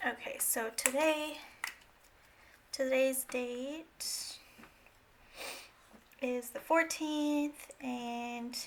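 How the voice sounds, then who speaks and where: A woman's voice: high-pitched, fairly even intonation, very slow, long pauses, noisy background. A woman vlogger chatting casually and a bit scatter-brained while she counts cash into budget envelopes.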